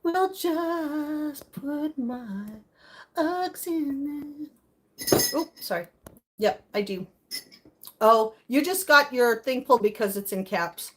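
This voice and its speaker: A middle-aged woman chats on a live stream in a slightly high voice. She reacts to viewer comments as they come in, emotional and laughing easily. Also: slow pace, a little hiss or hum. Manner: chatty, reacting to chat comments. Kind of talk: casual live-stream chat.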